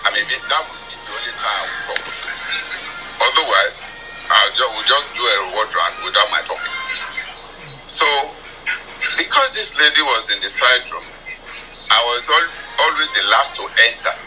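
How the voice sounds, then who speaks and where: A man with a Nigerian accent, a surgeon, unhurriedly recounting his experience with many pauses over a video call. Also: medium pitch, big pitch swings, music in the background, low-quality recording.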